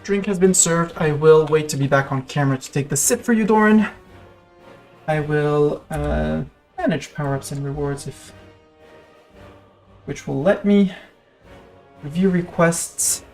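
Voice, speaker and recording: Streamer, French accent, mid pitch, loose chatty play-by-play over faint music. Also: unhurried, pauses often, a little mellow. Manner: chatty, rambling, talks to chat and to the game. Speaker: game streamer. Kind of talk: live gameplay commentary.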